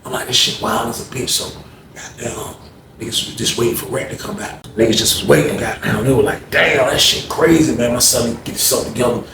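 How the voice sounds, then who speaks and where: Animated storytelling man, echoey room. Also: a little fast. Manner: excitable, acts out other people's voices with loud, high bursts. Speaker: storyteller recounting jail events. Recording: echoey room with faint background noise.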